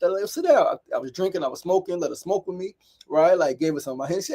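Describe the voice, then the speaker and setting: A man's voice: high voice, lively intonation, fast talker, dark tone. A man hosting a daily show, speaking candidly in a reflective solo monologue and often repeating himself. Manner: candid, repetitive, storytelling with acted quotes.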